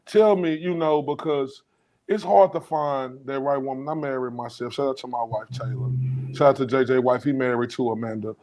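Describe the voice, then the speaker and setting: A man co-hosting a podcast in easygoing conversation. His voice is middle-pitched, and he asks his questions in a relaxed, friendly way, stopping to give shout-outs. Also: moderate pace, poor audio. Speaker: podcast co-host. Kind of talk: podcast interview, casual chat.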